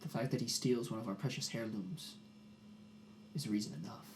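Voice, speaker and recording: A man's voice: steady tone, slight background noise, lightly acted. A man doing a shrewd barbarian chieftain. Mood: hushed scheming. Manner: low, hushed bargaining, slow and deliberate.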